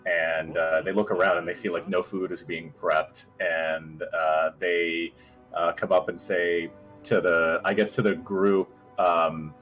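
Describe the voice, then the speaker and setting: A man runs a tabletop game as the game master. His voice sits low and he talks slowly, stalling on plenty of "uh"s and laughs. Soft music plays underneath. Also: flat delivery. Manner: laughing, hesitant with many fillers.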